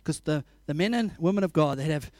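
A man preaching a sermon, telling animated stories, laughing often and acting out scenes. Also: fairly high pitch, fairly quick, dry recording.

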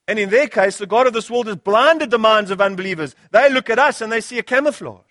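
A man's voice: sits high, a little fast, fairly bright tone, no echo, clean studio sound. A South African man preaching a sermon as pastor, with rhetorical repetition and calls of "Hello?" to the congregation. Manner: rhetorical, repeating phrases and asking "Hello?".

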